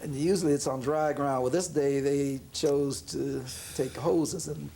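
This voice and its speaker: A man, a jazz pianist being interviewed, telling a story in a relaxed way, laughing often and acting out the voices of the people in it. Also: fairly high pitch, unhurried, gravelly, a little hiss or hum. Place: room in an apartment.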